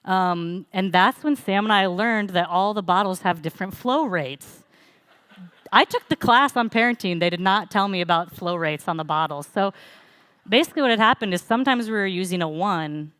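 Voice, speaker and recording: A woman's voice: fairly low pitch, normal speed, fairly bright tone, clean tone, dry recording. A young woman preaching in church, telling a personal story in a conversational way with frequent fillers. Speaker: pastor. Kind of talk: sermon.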